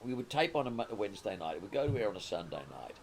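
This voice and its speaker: A man's voice: lowish voice, very animated, rapid-fire, creaky, slight background noise. A man in his sixties with an Australian accent, a comedy writer and producer telling stories as an interview guest, rambling and restarting often. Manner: rambling anecdotal storytelling with frequent restarts. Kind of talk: conversational interview.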